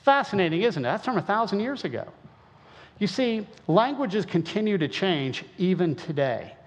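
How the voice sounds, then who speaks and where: A man's voice: high voice, big pitch swings, normal speed. Man lecturing in a reverberant hall. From Western Illinois. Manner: folksy, conversational, asks rhetorical questions. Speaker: creationist speaker. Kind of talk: lecture-style talk. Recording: muffled sound with long hall reverb.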